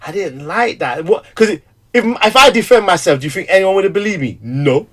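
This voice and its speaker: A middle-aged man, a stay-at-home father who also preaches, talking candidly in an animated, storytelling way with frequent laughter. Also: high-pitched, fairly quick. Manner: animated storyteller, acts out quotes, laughs often. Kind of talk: candid conversation.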